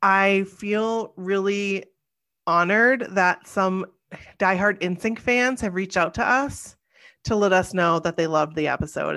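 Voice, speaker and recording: A woman's voice: medium pitch, fairly bright tone, no room sound. A woman co-hosting a podcast in casual chat, tired and rambling, correcting herself as she goes. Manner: chatty, rambling, self-correcting. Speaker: podcast co-host.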